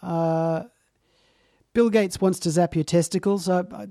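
A man's voice: high-pitched, fairly even intonation, a little slow, vocal fry, warm tone, a little hiss or hum. A man hosting a casual commentary chat, speaking earnestly and with emphasis, lingering on his phrases. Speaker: talk show host.

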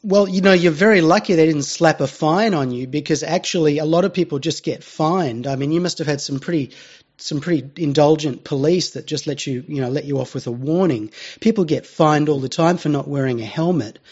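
A talk radio host, interviewing a guest and reading out a list in a halting way full of fillers. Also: mid-range voice, darkish tone, breathy edge. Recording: lo-fi radio audio with faint music.

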